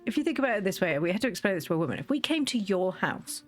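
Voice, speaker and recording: Chatty woman gamer, casual storyteller, middle pitch, faint music behind. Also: very fast. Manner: chatty storytelling, lively quoted asides. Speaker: gaming video creator. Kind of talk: casual chat while playing.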